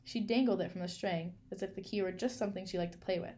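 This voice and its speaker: A woman reading a children's novel aloud in a clear, measured storytelling manner. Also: mid-range voice, steady tone, dark tone. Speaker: reader.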